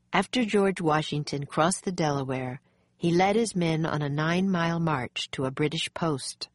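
A woman narrating a children's storybook in a calm, measured way. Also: low voice, slightly rough, dry recording, clean studio sound. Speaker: audiobook narrator.

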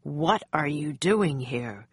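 Woman reading a stern commanding general, low, slow and quiet, husky. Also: lively intonation, no room sound, full character voice. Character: stern older male general, quietly angry.

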